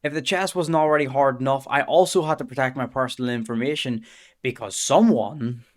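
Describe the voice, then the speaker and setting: A young man talks his way through a stream in casual commentary. He banters with his chat, swears freely and mutters quietly to himself, all in a middle-pitched voice. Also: brisk.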